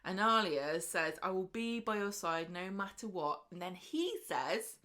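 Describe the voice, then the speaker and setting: Woman recapping a soap, chatty, bright voice, lowish pitch, does the characters' lines. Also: measured pace. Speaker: podcast co-host. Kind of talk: casual chat recapping a soap.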